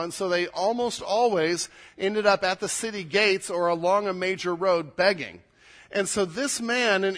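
High, bright-voiced animated male preacher. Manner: animated storytelling, big swings between loud and soft. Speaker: pastor. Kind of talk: sermon.

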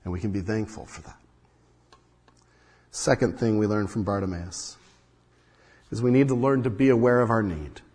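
A man's voice: lowish voice, normal speed, pauses often, husky. A man preaching a sermon in an earnest way, his voice rising and falling as he acts out the quotes. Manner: earnest, rises and falls in loudness, acts out quotes. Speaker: pastor. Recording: long hall reverb.

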